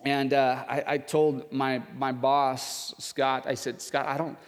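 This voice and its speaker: A man's voice: flat delivery, slow, in a large hall. A male pastor preaching a sermon, telling a personal story and acting out the voices of the people in it. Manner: storytelling, acts out voices of others with loud raised pitch.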